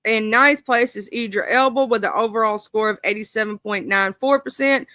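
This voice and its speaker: A woman's voice: a little high, moderate pace, bright, forceful tone, dry recording, studio quality. A woman streaming live, reading a ranked list aloud and breaking into indignant, swearing asides to her viewers. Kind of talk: casual live-stream chat.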